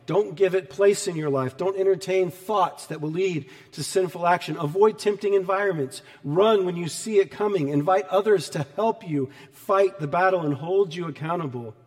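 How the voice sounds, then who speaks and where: High-voiced preaching man, echoing hall. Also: normal speed, hardly any pauses, darkish tone. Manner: conversational, storytelling, emphatic repetition. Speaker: pastor. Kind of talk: sermon.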